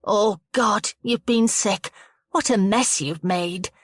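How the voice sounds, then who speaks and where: A woman voicing a bossy middle-aged mother running a children's party, brisk and scolding. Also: medium pitch, no room sound, studio quality. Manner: brisk, scolding, then stern advice.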